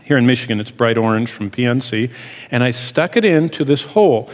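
A man's voice: mid-range voice, expressive, fairly quick. Middle-aged man teaching in echoing hall. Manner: earnest, explanatory, emphatic. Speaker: Bible teacher. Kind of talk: teaching sermon. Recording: long hall reverb.

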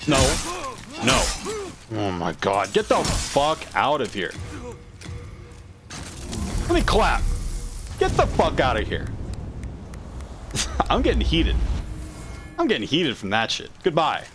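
A man streaming a game live, reacting loudly, swearing and shouting at opponents. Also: medium pitch, wildly swooping pitch, unhurried, pauses often, music in the background. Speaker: gaming streamer. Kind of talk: live gameplay commentary.

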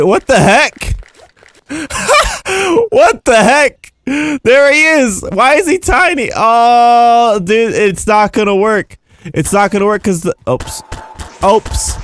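A young man giving casual, rambling gameplay commentary as a YouTuber, excitable and jumping between high and low. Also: no echo. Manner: excitable, rambling, jumpy pitch swings. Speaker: gaming YouTuber.

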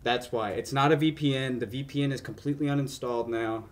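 Man, mid-range voice, calm and matter-of-fact, casual explainer. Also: mid-range voice, fast.

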